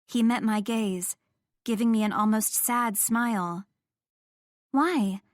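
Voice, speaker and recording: A woman's voice: a little high, fairly even intonation, a little slow, no room sound, studio quality. A young woman narrating a first-person romance audiobook in an intimate storytelling manner.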